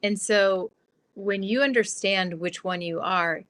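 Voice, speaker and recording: A woman guest on an interview podcast, explaining her ideas in a lively, chatty way with lots of "like". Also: medium pitch, slow. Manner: animated, explanatory, fillers like "like". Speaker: guest, transformation guide.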